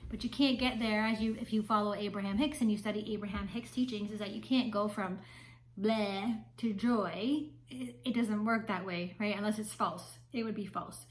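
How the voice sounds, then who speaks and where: A woman's voice: mid-range voice, fairly even intonation, normal speed, a little hiss or hum, rough recording. A woman, a spiritual mentor talking casually to camera in a chatty way, often checking in with "right?". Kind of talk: casual vlog talk to camera.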